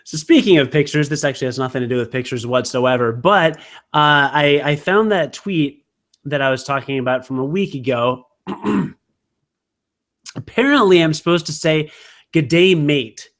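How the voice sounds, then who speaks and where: A man co-hosting a podcast speaks at a moderate pace in a fairly high, somewhat bright voice. He chats loosely, rambling, teasing himself and filling gaps with fillers.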